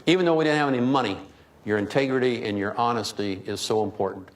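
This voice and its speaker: A fast-talking older man with a medium-pitched voice delivers a keynote of folksy, humorous business stories to his audience. The storytelling talk echoes through a reverberant hall with faint ambience.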